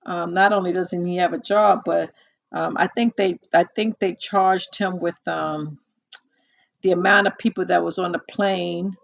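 A woman's voice: fairly low pitch, vocal fry. A woman talking casually to her listeners, chatty and repetitive, with frequent restarts and acted-out quotes. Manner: chatty, repeats herself and restarts, acts out quotes. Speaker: commentator. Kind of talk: casual monologue.

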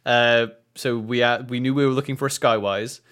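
A young man co-hosting a podcast, telling an animated story in casual chat. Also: mid-range voice, moderate pace, smooth. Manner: animated storytelling, acts out quoted voices. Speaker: podcast co-host.

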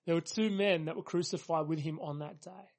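A pastor preaching a sermon, earnest and emphatic, leaning on repeated phrases for weight. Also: male voice, a little high, fairly quick.

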